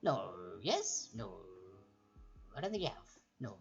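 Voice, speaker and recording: A woman's voice: very deep voice, wildly swooping pitch, unhurried, vocal fry. Chatty woman hosting a quiz. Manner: chatty, rambling asides, repeats each question. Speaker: trivia quiz host. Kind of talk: casual livestream chat reading quiz questions. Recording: lo-fi stream audio with background music.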